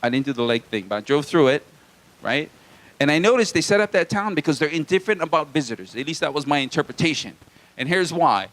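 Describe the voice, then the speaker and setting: A man from Hawaii working a small comedy stage, his voice sitting fairly high and swinging up and down a lot as he tells crude jokes and trades banter with the crowd. It has a live stand-up delivery. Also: animated, fast, fairly bright tone.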